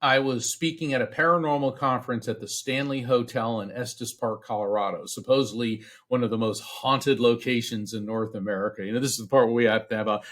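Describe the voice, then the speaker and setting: A middle-aged man from Central Florida, a podcast guest telling a personal story in an earnest, halting way, with restarts, acting out the voices he quotes. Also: medium pitch, fairly even intonation, a bit bright. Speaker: podcast guest, psychic medium. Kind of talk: storytelling in a casual interview.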